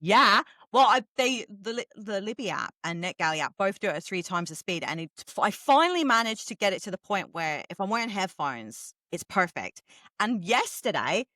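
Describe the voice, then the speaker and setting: A middle-aged woman from England, co-hosting a podcast in casual chat, talking fast and swearing freely. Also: mid-range voice, very animated, bright, forceful tone, no room sound. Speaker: podcast co-host.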